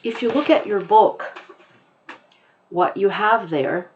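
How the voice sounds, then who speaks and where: A woman teacher giving a lecture on a poem, explaining slowly and rephrasing as she goes. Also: mid-range voice, lo-fi sound, slight background noise. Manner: slow, explanatory, repeats and rephrases.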